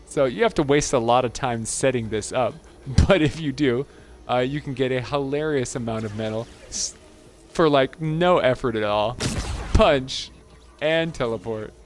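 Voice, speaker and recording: A man's voice: mid-range voice, a little slow. Guy narrating his game, laughing a lot, chill chatty vibe, faint music behind. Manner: amused, laughs often, chatty. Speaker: gaming channel host. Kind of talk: casual gameplay commentary.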